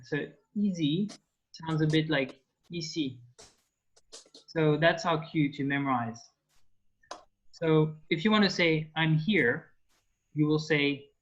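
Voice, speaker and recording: Slow, patient French teacher man. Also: on the high side. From France. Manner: patient, slow explanations with many fillers. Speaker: language teacher. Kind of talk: online language lesson. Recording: dull lo-fi call audio.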